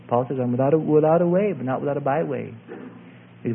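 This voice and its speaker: A man preaching a sermon with emphatic delivery, swinging from loud calls to hushed passages. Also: a little high, fast talker, creaky, slightly rough. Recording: tinny lo-fi phone-like recording.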